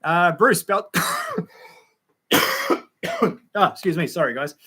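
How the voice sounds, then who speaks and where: A man's voice: fairly high pitch, expressive, fairly quick, pushed and bright, slightly rough. A young man hosting a casual livestream, reading out viewer comments in a chatty, laid-back way with frequent ums and laughs.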